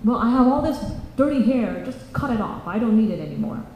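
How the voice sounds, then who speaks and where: A woman's voice: on the high side, expressive, a little fast, mellow, slight background noise, lightly acted. A woman voicing a grimy old woman who gives plain, matter-of-fact instructions, in a children's story told in an echoey church hall.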